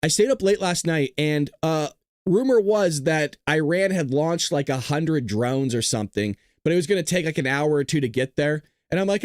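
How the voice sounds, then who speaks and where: A man's voice: a little high, expressive, normal speed, no echo, studio quality. A tired man hosting a casual news commentary livestream, rambling, cursing freely and giggling often. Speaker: show host.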